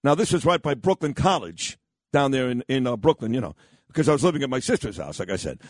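A man's voice: mid-range voice, lively intonation, fast talker, no echo, clean studio sound. A man hosting a radio talk show, telling stories and giving blunt, rambling opinions. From New York. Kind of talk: storytelling and opinionated chat. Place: radio studio.

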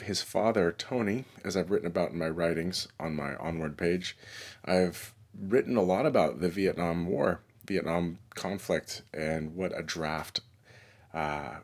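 Deep-voiced man hosting a reflective podcast. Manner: relaxed, reflective, with pauses and fillers. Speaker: podcast host and musician. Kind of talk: casual solo podcast monologue. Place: New York City.

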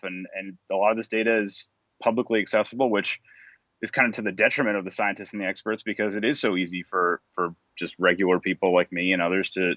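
Hesitant male guest, lower pitch, dry and muffled remote feed. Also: steady tone, fast talker, fairly bright tone, no echo. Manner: hesitant, casual, with many restarts. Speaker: guest researcher. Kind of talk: interview answers.

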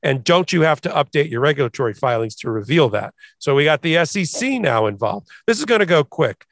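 A man's voice: a little high, fairly quick, no room sound. A man who is a lawyer co-hosting a podcast, giving emphatic legal commentary and acting out the people he quotes. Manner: energetic, emphatic, mimics quoted voices.

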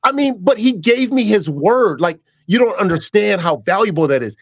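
A man with a slightly high voice tells stories in a casual interview, acting out the lines of the people he quotes and restarting his sentences. He is a former pro football player turned broadcaster. His voice sounds dry and close. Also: moderate pace, dry recording. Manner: animated storyteller who acts out quoted dialogue, with frequent restarts.

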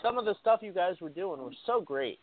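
A man's voice: high-pitched, very animated, a little fast, no room sound. A man interviewing a guest, asking questions with enthusiastic, hesitant phrasing. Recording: tinny phone-like line.

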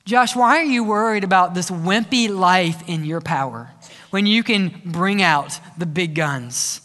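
Man, pastor, lively sermon, high voice, long church hall echo. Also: unhurried. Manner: lively storytelling with sound effects and asides. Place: church sanctuary.

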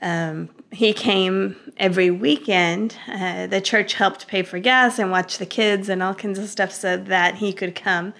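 A woman's voice: medium pitch, normal speed, vocal fry, hardly any pauses. Chatty woman recounting with frequent laughs. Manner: animated storyteller, laughs often, many fillers and restarts. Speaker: interview guest. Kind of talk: conversational personal testimony.

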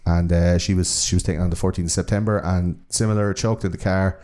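A man's voice: deep voice, fairly even intonation, fast, darkish tone. A man recounting a true-crime case in casual chat, full of fillers and restarts. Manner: hesitant, many fillers and restarts, swears casually. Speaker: podcast co-host.

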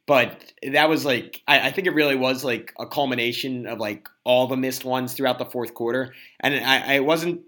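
A man's voice: mid-range voice, moderate pace, hardly any pauses, sharp tone. A young man from New York City hosting a casual sports podcast, rambling with lots of fillers. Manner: rambling, heavy use of "like" and "uh". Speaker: podcast host.

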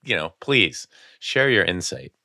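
A man's voice: sits low, very animated, unhurried, pushed and bright. A man who once played the game, co-hosting a casual sports talk show and talking in a rambling, chatty way. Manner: rambling, chatty, laughs often.

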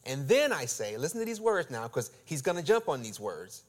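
Animated storytelling preacher man. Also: on the high side, brisk. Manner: animated, acts out dialogue, swings loud and quiet. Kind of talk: storytelling sermon.

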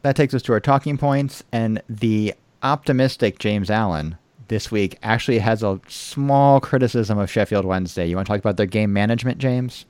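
A man's voice: lowish voice, moderate pace, hardly any pauses, a little mellow, smooth, dry recording. An American man hosting a casual podcast, with a dry, wry delivery. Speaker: podcast host.

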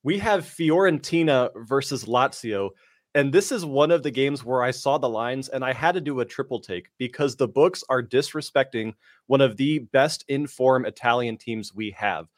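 A man giving confident soccer betting picks, brisk and packed with statistics. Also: medium pitch, dry recording, studio quality. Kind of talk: sports betting analysis.

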